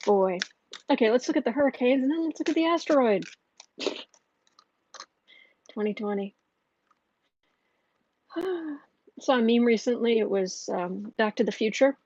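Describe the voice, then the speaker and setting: A woman's voice: fairly high pitch, darkish tone, dry recording, highs cut off. Chatty woman host reading viewer comments. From northern United States. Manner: chatty, reads viewer comments aloud, laughs often. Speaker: tarot reader and channel host. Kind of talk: casual livestream chat reading comments.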